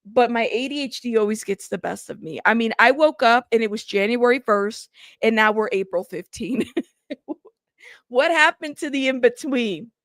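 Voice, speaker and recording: Uma mulher apresentando uma live casual, conversando com o chat de forma tagarela, recomeçando frases, cansada e frustrada. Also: female voice, a little high, a bit bright, no room sound, clean studio sound. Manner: chatty, greets chat by name, rambling restarts. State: tired and frustrated. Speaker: livestream host.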